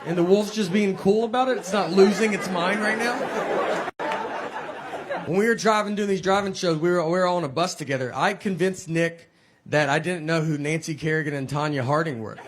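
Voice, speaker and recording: A man with a Southern accent doing a stand-up routine, telling rambling deadpan stories full of "like". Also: sits high. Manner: deadpan, rambling storytelling with many "like"s. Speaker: stand-up comedian. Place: comedy stage with live audience. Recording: live show with crowd laughter and noise.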